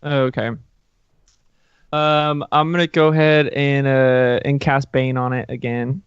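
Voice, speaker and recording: A man's voice: medium pitch, little pitch movement, slow pace, clean tone, no echo. A man playing a tabletop game, chatting casually and explaining his spells in a laid-back way. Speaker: player. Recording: dull lo-fi stream audio.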